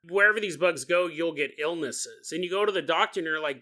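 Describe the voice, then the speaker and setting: Man, podcast host, high bright voice, joking storyteller, laughs a lot, quick silly voices. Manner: jokey, laughs often, slips into quick silly character voices. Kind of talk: comedic paranormal storytelling.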